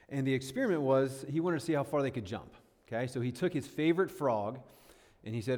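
A man's voice: mid-range voice, fairly quick, a little mellow. Chatty man speaking in a reverberant hall. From northern New York State. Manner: chatty and self-deprecating, lots of fillers and checks. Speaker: guest speaker. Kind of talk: casual sermon-style talk.

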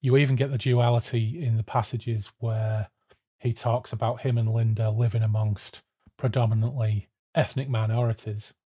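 A man's voice: medium pitch, level tone, normal speed, mellow, slightly rough. A man talking over a book in a casual podcast, fluent and reflective with a wry edge. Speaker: podcast guest.

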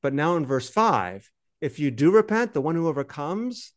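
A man's voice: fairly high pitch, sing-song, moderate pace, no echo, studio quality. A man co-hosting a podcast, giving a conversational Bible study and explaining the Greek text in a loose, teacherly way. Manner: explanatory, translates Greek on the fly, loose fillers.

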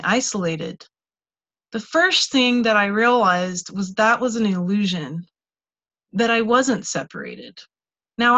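A woman's voice: medium pitch, a bit bright, lo-fi sound. A woman giving a candid, conversational teaching talk and personal testimony, with casual restarts and frequent "like.". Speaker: speaker teaching healing tools.

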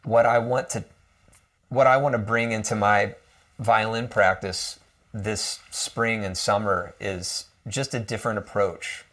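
A man from the United States talks as an interview guest, his voice a little low. He thinks aloud slowly, with many fillers and restarts. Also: fairly even intonation, fairly bright tone. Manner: hesitant, filler-heavy, reflective. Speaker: guest violinist. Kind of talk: casual conversation.

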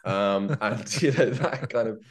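A middle-aged actor chatting in an interview, playful and self-mocking, dropping into quick put-on voices. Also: male voice, on the low side. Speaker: actor guest. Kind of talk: casual interview chat.

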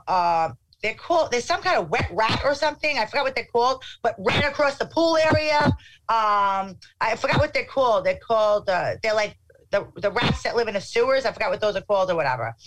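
A middle-aged woman telling a casual anecdote in an animated way, acting out what people said. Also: a little high, background noise. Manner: animated, acts out quotes.

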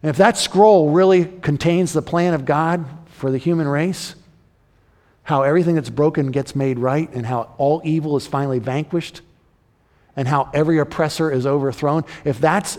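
A pastor delivering a sermon in a rather high voice that climbs with emphatic, repeated questions. He then sinks into low, slow passages. The sound carries a long reverb from a large church hall. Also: darkish tone.

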